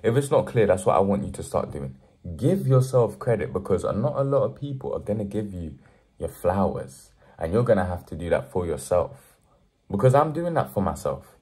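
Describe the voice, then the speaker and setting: A man's voice: low voice, sing-song, normal speed, darkish tone. A young man talking straight to the camera in an earnest motivational vlog, preaching hard work and building to emphatic pushes. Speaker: motivational vlogger. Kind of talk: direct-to-camera motivational talk.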